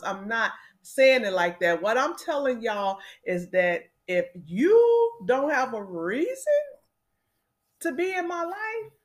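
A woman in her fifties chatting casually to her viewers, addressing them directly and using lots of fillers. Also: medium pitch. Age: 50s. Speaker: vlogger.

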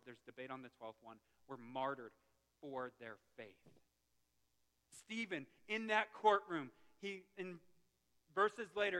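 Male preacher, bright and forceful tone, fervent delivery that drops to a near hush, recorded in a reverberant sanctuary. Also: a little high. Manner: impassioned, swinging from loud to hushed. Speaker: pastor. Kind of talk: sermon. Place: church sanctuary. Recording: long reverb of a church hall.

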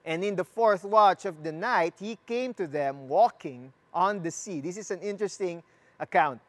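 A preacher with a mid-range voice reads scripture aloud as part of a sermon. Slow and deliberate, he repeats phrases, asks the listeners questions, and jokes with them.

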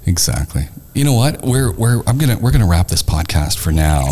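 Lively podcast host man, lowish voice. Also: fairly quick, noisy background. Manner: animated storyteller, acts out conversations. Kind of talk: casual chat. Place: podcast studio.

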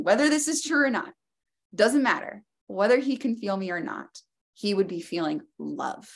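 A woman guest in an interview, telling a personal story in a reflective way, with loose phrasing and many fillers. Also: mid-range voice.

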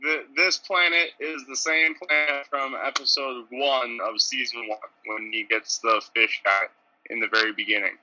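Bright, close-miked man on a podcast, dry delivery, trivia buff. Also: mid-range voice, fairly even intonation, moderate pace, no echo, lo-fi sound. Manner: dry, offers trivia and facts. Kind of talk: casual podcast chat.

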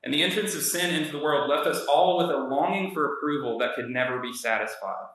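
A man's voice: fairly high pitch, fairly quick, a bit bright. A young man giving a casual, conversational sermon, telling a story with many fillers. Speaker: preacher. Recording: very echoey room.

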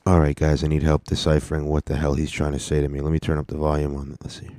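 A young comedian talks through his solo podcast at home, rambling and swearing in easy slang. His voice sits very low and mellow. The sound is close and dry, with little room around it. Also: monotone, fast, no echo. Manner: rambling, profane, laid-back slang. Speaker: podcast host and stand-up comedian.

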